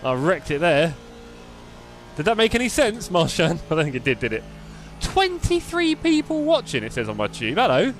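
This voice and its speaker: A sing-song, slightly bright male voice on the high side moves fairly quickly. It belongs to an English streamer who jokes and chats with his audience while driving a racing sim, using a desktop USB mic.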